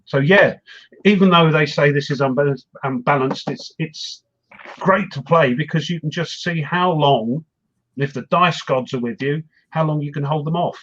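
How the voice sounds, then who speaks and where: A man with a fairly high voice chats casually about wargames, rambling and poking fun at himself. His audio comes through dull and lo-fi, like a home stream setup. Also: normal speed, fairly bright tone. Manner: rambling, self-mocking, laughs often. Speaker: wargaming show host. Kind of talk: casual chat.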